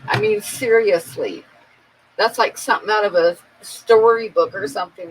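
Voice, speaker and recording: A woman's voice: mid-range voice, normal speed, a little hiss or hum, poor audio. A woman chatting casually on her live stream with viewers, telling a story in a chatty, amused way and laughing along at it. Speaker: art channel host chatting with viewers.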